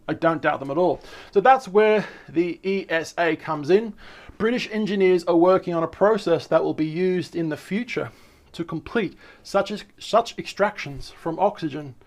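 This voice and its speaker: Aussie guy with a high voice, reading stuff out and reacting, excitable, keeps tripping over words and restarting. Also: moderate pace. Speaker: channel host. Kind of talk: casual commentary reading articles aloud.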